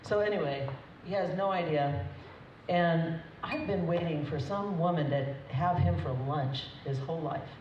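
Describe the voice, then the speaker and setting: A woman's voice: low-pitched, a little slow, few pauses, darkish tone. A woman, the groom's mother, giving a chatty, emotional, unscripted wedding toast with frequent laughs. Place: wedding reception hall. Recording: echoey dull hall recording from far off, crowd noise.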